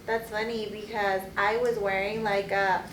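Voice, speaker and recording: A woman's voice: medium pitch, little pitch movement, normal speed, echoey room, noisy background. A young woman co-hosting a casual podcast chat, blunt and emphatic with slangy talk. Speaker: podcast co-host.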